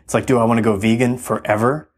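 A man's voice: medium pitch, flat delivery, fast talker, slightly rough. A man speaking as a podcast guest in a casual conversation, earnest and reflective, with many fillers.

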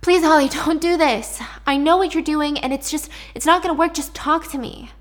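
A woman's voice: high voice, normal speed, pitched above the performer's own voice, lightly acted. A woman voicing a nervous young male employee who stammers and gets defensive.

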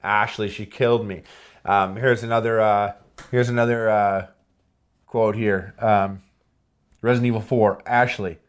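A man hosting a casual podcast chat who reads game quotes aloud with quick impressions and laughs often. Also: lowish voice, fairly even intonation. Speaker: podcast host.

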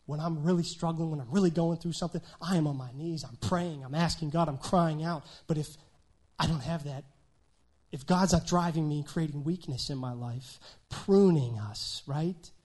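A man preaching a sermon with a slightly high voice. He talks conversationally, tossing in frequent "right?" asides, and swings between loud emphasis and quiet, hushed remarks. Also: normal speed. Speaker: pastor.

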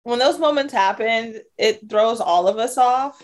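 A woman's voice: on the high side, measured pace. Woman telling a rambling, heartfelt story. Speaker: podcast co-host. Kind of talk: casual chat.

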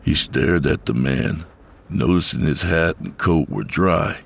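Very deep, gravelly male narrator. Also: a little slow, a little hiss or hum. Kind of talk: scripted horror story narration.

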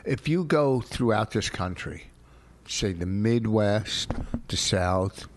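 A man's voice: fairly low pitch, expressive, slow pace, no room sound. A man co-hosting a casual talk show with his wife, rambling through comic, indignant gripes. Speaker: comedian podcast co-host. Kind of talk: casual married-couple banter.

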